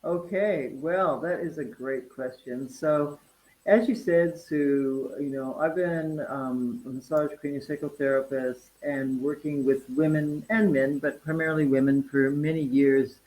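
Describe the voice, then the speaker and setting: Chatty animated woman in her fifties. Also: low-pitched, a little slow, rough recording. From North Dakota, USA. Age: 50s. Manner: chatty and animated, laughs often, many fillers. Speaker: guest, wellness farm owner. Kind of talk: casual interview chat.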